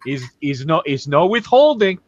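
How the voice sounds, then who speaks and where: A man's voice: sing-song, moderate pace, lo-fi sound. A man voicing a brash, pushy male Russian film director with a mock accent and broken English. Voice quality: broken English, higher and louder than his own voice.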